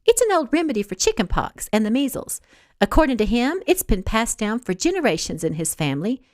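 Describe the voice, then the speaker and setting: Woman doing a snooty spoiled young woman, condescending, snippy, lively swooping pitch, dry close sound. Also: fairly quick, dry recording. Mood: indignant.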